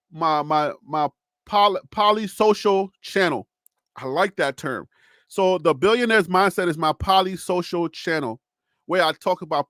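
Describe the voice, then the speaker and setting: A man's voice: fairly high pitch, a bit bright, no room sound, studio quality. A man with a Liberian accent hosting a live college sports stream, chatting animatedly with viewers and reacting to their comments. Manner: frequent laughs and self-talk. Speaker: sports channel host.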